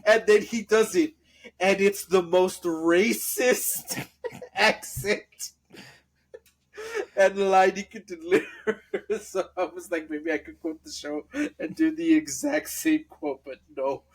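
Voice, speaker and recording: A man's voice: sits high, lively intonation, takes it slowly. A man co-hosting a podcast in casual chat, rambling through a retelling and laughing at the punchlines. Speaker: podcast co-host.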